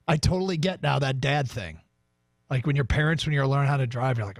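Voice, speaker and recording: A man's voice: fairly high pitch, normal speed, no echo, studio quality. A man co-hosting a sports radio show, chatting casually and leading the segment. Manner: chatty, runs the segment, reads the call-in number.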